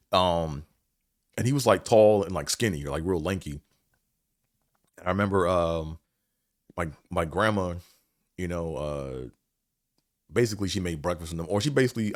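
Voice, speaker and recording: A podcast host with a low-pitched voice rambles through a story and his reflections on it, full of fillers and casual swearing. The recording is dry and studio quality.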